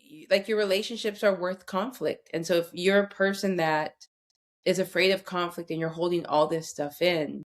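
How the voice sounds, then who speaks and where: A woman's voice: fairly low pitch, steady tone, normal speed. A woman in her forties talking as a podcast guest, telling candid personal stories in an earnest, direct way. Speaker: guest expert on conflict. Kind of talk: casual podcast conversation.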